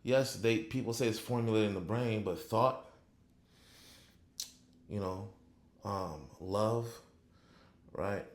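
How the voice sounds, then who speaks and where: A man giving a casual motivational talk on faith, punctuating nearly every phrase with "right?", reflective and then fervent. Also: fairly low pitch. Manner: unhurried and reflective, growing fervent when preaching. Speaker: motivational speaker. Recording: echoey room.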